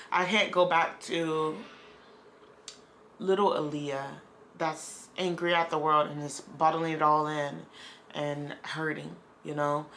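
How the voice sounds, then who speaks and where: A woman's voice: low voice, pushed and bright, slight background noise. A woman vlogger talking candidly in a casual, rambling video diary.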